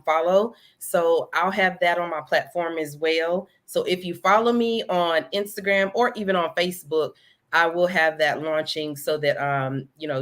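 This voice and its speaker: Woman entrepreneur with a catching throat. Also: sits low. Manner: animated, repeats "you know" and "right?", speaks to the audience as "y'all". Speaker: guest entrepreneur. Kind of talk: casual live interview.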